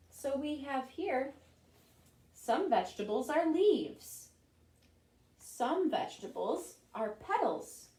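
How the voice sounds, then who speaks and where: A woman librarian reading picture books at a children's storytime, animated and asking the children questions. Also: a little high. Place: library room. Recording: roomy echo, voice from a distance.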